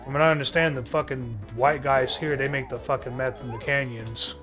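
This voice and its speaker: A man's voice: medium pitch, fairly even intonation, brisk, music in the background. A man streaming live, ranting to his chat in a rambling, sardonic way, swearing constantly and restarting his sentences. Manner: rambling, heavy cursing, sardonic.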